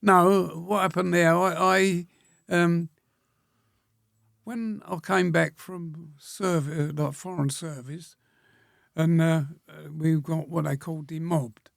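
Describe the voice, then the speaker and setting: A guest war veteran near a hundred years old tells his memories slowly and simply, often pausing and clearing his throat. Gravelly and a little high, his voice holds a fairly even intonation in a close, dry recording.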